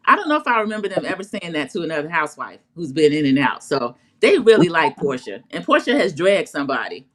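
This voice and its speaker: A woman with a slightly low voice tells an episode recap in a casual, chatty way. She is opinionated and easygoing as she lays out the scenes one after another. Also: sing-song, fast, hardly any pauses. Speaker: co-host recapping a reality show.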